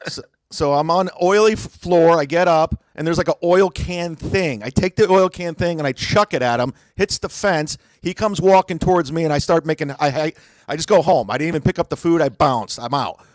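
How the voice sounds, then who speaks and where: A man's voice: a little high, brisk, no echo. A young man, a comedian, defensively telling a rambling bar-fight story on a podcast, acting out quotes along the way. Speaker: comedian guest.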